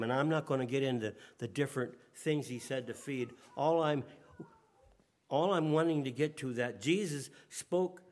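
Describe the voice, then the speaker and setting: A man preaching a sermon, reading King James scripture and then exhorting his listeners. He goes soft and slow on key words and rises loud when he presses a point. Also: medium pitch. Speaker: pastor.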